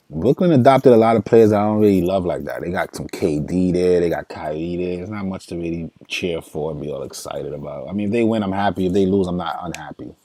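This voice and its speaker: A man with a deep, mellow New voice runs through fantasy basketball picks on a livestream. He talks in loose slang, muttering his thoughts aloud and turning to chat with viewers. The sound is close and dry. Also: no echo. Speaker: fantasy sports streamer.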